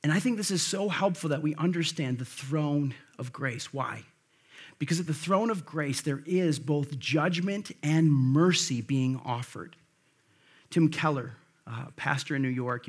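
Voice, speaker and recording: A man's voice: medium pitch, breathy edge. A man preaching a conversational sermon, emphatic and full of rhetorical questions to the congregation. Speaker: pastor.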